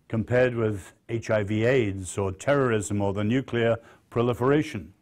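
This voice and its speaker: A man with an English accent giving a public lecture, measured and dryly witty, leaning on key phrases. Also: fairly low pitch, a little mellow. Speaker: guest lecturer.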